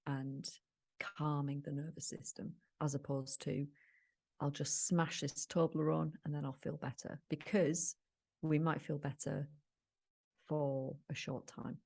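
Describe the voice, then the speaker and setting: A woman's voice: sits low, gravelly, mellow. A woman co-hosting a podcast, explaining ideas in a thoughtful, casual way with frequent restarts. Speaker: podcast co-host.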